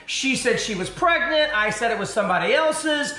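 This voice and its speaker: Male TV host as interview guest, high and bright, acts out his anecdotes; echoey room. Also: normal speed. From Arkansas. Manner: animated storyteller acting out other voices. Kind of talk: storytelling interview.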